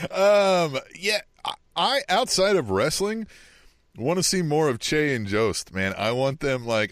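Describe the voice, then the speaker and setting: A man's voice: medium pitch, fairly bright tone, no room sound. A man co-hosting a wrestling podcast, chatting in a laid-back way with joking asides. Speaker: podcast co-host. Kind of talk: casual wrestling chat.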